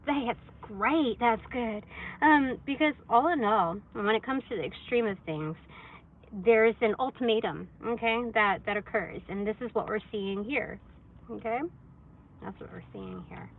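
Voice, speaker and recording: A woman's voice: on the high side, a little slow, phone-quality sound. A woman reading tarot cards on a casual phone livestream, rambling and chatty with lots of fillers, in a hot room. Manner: chatty, rambling, filler-heavy, laughs often.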